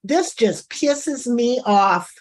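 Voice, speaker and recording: A woman's voice: fairly high pitch, animated, extremely slow. A woman streaming live reaction commentary, indignant and talking straight to her chat.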